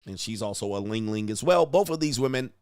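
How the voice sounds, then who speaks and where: A man's voice: on the low side, expressive, brisk, darkish tone, clear, resonant tone, no room sound, studio quality. A man hosting a reaction commentary, talking in a blunt, mocking and exclaiming way. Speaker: host.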